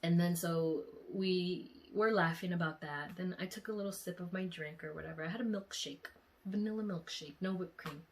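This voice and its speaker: A young woman vlogger emotionally retelling a dream in a casual, animated way. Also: fairly low pitch, moderate pace, slight background noise. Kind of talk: casual storytelling.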